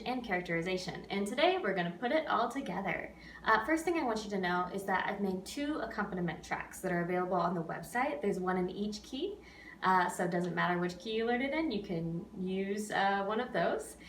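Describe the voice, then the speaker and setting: A woman's voice: mid-range voice, expressive, moderate pace, a bit bright. A woman who is an opera pianist teaches an online singing lesson, coaching patiently and counting students in. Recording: roomy, distant mic with faint background noise.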